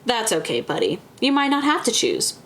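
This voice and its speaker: A woman's voice: a little high, huge pitch swings, normal speed, a bit bright, slight background noise, voice pushed up. A woman voicing a taunting male orc game-show host with smug, teasing patter.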